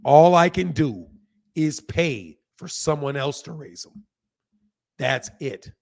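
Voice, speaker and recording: A man with a hoarse voice hosting a casual boxing livestream, talking straight to viewers, repeating points and reading out chat comments. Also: fairly high pitch, expressive, slow. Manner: talks straight to viewers, repeats himself for emphasis. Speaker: boxing channel host.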